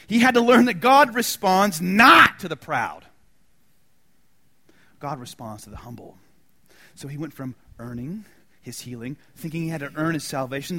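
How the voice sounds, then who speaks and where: A middle-aged man preaches with a lively, rising and falling voice. His pitch sits a little high, and he swings from loud, emphatic lines down to hushed, almost whispered ones. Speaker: pastor. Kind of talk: sermon.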